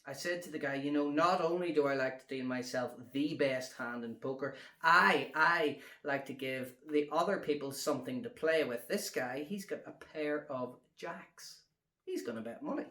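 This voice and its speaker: Chatty magician in a roomy space. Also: male voice, a little high, moderate pace. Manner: chatty, relaxed, counting cards aloud as he deals. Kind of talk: storytelling card-magic demonstration. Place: at home during lockdown. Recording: roomy echo.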